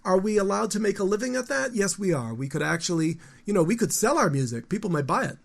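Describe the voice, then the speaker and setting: An American musician in his fifties, guesting on a relaxed interview, talks fast in a gravelly voice with vocal fry, slightly higher than most men's. He rambles through animated stories and frequently starts his sentences over.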